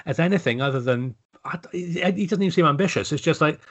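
A man's voice: on the high side, animated, fast talker, fairly bright tone. A man co-hosting a podcast, talking bluntly about a TV show with frequent restarts and casual swearing. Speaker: podcast co-host. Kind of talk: casual chat reviewing a TV episode.

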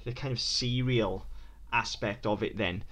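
Lowish-voiced man, quick chat. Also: steady tone, a bit bright. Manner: quick, hesitant, many restarts and ums. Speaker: podcast co-host. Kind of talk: casual chat.

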